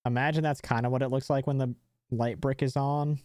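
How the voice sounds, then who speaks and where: Young man, live streamer, warm mellow voice, dry close sound, rambling casual chat. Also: mid-range voice, fairly even intonation, brisk, no echo. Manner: rambling, many fillers and restarts.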